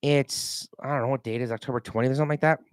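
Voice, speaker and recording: A middle-aged man rambling in a casual vlog, telling animated stories and swearing freely. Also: medium pitch, racing, smooth, dry recording, clean studio sound. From Minnesota. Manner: animated storytelling, mimics voices, swears freely. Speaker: realtor vlogger.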